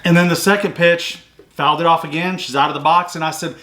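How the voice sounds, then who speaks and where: Bright-voiced man recapping a softball game. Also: on the high side, steady tone, fast talker, a little hiss or hum. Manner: chatty, recounts plays step by step with fillers. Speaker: sports recruiting show host. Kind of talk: casual game recap chat.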